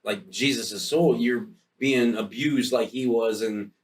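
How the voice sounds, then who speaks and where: A man co-hosting a podcast, chatting crudely and jokily and acting out scenes with loud high yelps. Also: slow, far from the mic. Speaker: podcast co-host. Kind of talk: casual comedic chat.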